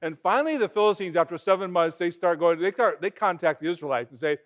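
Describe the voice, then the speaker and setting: A man, a pastor, giving a conversational sermon and retelling events in everyday, animated talk. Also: sits high, fast talker.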